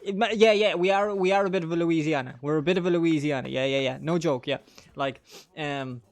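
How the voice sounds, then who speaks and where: A man's voice: a little high, a little fast, faint music behind. A man with a County Monaghan Irish accent, chatting casually and rambling while he streams a game, swearing and laughing often. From Ireland. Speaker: gaming streamer.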